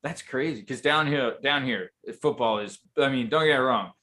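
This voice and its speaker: Podcast host guy, bright forceful voice, swears a lot, loose banter. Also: mid-range voice, normal speed. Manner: swears freely, upbeat banter. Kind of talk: casual chat.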